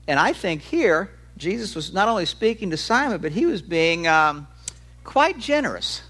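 A man preaching a sermon in a fairly high, animated voice that climbs and drops freely. He talks to the congregation conversationally, explaining with everyday examples. He slows down and leans on key words.

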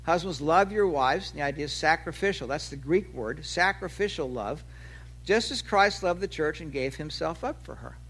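High, bright-voiced preaching man. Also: moderate pace, husky. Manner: animated preaching, voice rising for acted quotes and dropping low at phrase ends. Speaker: pastor. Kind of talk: sermon.

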